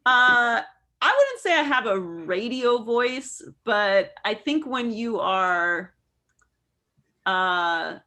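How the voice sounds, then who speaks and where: On a video call with students, a woman sports broadcaster answers their questions openly and casually, filling her speech with fillers. Her voice is a little high and she draws out her words.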